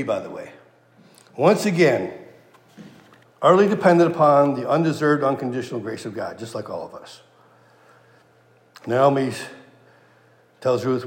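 Male preacher, mid-pitched, expository sermon, voices the characters with lively paraphrase; long reverb, roomy hall sound.

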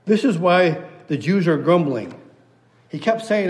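A man's voice: sits high, big pitch swings, unhurried. A man preaching an expository sermon, reading scripture aloud and hammering points home through repetition. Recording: long hall reverb.

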